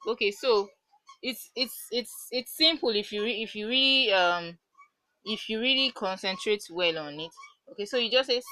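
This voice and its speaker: A woman teaching a beginner French lesson, patiently repeating words slowly to show the pronunciation. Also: a little high, bright, forceful tone, no room sound, low-quality recording. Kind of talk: online language lesson.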